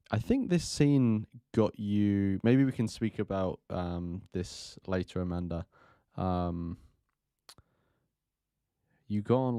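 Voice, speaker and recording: Guy streaming a film reaction, deep mellow voice, dry sound, rambly with lots of like and um. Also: no echo. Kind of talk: casual live-stream commentary.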